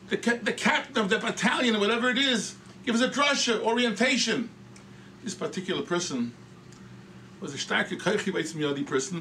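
A middle-aged rabbi giving a sermon-style tribute, telling stories with animated delivery and a sprinkling of Yiddish and Hebrew phrases. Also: male voice, on the high side, gravelly, slight background noise, low-quality recording. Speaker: rabbi speaker at a tribute dinner. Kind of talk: sermon-style eulogy with storytelling.

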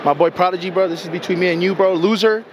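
Hyped young man at a loud stadium. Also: high voice, steady tone, quick pace. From United States. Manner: hyped, slangy, shouts over the crowd. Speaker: vlog host. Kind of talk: excited casual vlog chat. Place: outdoors at a busy stadium. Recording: loud stadium crowd noise behind.

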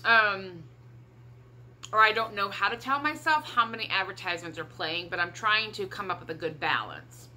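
A woman's voice: medium pitch, lively intonation, moderate pace, bright, forceful tone, a little hiss or hum. A middle-aged woman with a Midwestern American accent chatting casually in a haul vlog, upbeat and rambling, talking around a cough drop. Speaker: vlogger.

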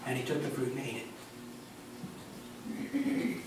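A man giving a sermon as pastor, animated and joking in a conversational way. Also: mid-range voice, slow, noisy background. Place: church sanctuary. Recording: echoey church hall from a distance.

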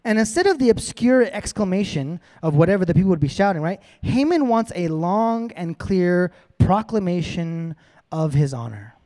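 High-voiced pastor telling a story. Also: male voice, moderate pace. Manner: casual, animated storytelling. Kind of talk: sermon.

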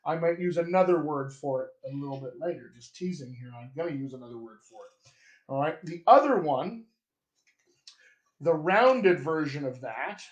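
A man teaching accents as a dialect coach in a live stream, talking to viewers and demonstrating vowels slowly. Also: fairly high pitch, animated, echoey room, dull audio. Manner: slow, demonstrative, drawn-out vowel examples; chatty, addresses viewers directly. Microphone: webcam or phone on a live stream.

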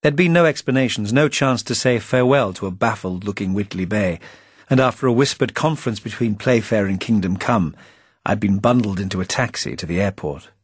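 Un uomo dalla voce bassa e un po' roca legge il proprio romanzo come audiolibro, con tono asciutto e ironico. La registrazione è ravvicinata e senza eco. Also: male voice, fairly quick, slightly rough, no echo, clean studio sound. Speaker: author reading his novel. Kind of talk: audiobook narration.

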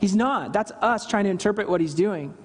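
Pastor, male, high voice, earnest sermon, lively scripture quotes, reverberant church hall. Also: fairly quick, slight background noise. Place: church service.

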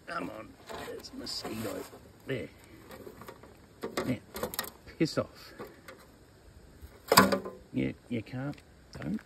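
A man's voice: mid-range voice, expressive, extremely slow, creaky, pauses often, very noisy. An Australian man chatting casually outdoors as he releases a snake, teasing it in a laid-back way. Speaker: snake catcher. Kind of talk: casual outdoor vlog narration. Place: outdoors among bushes.

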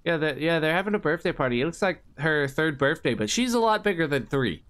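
A man's voice: a little high, big pitch swings, brisk, hardly any pauses, fairly bright tone. A man giving jokey, rambling commentary while playing a horror game, with mock-innocent asides. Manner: jokey, rambling, sing-song sound effects. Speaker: gaming youtuber. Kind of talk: comedic let's play commentary.

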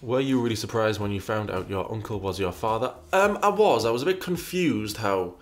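A man's voice: lowish voice, expressive, brisk. A man hosting a casual commentary show, reading out viewer questions and answering them in a rambling, wry way with lots of restarts. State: burpy after breakfast.

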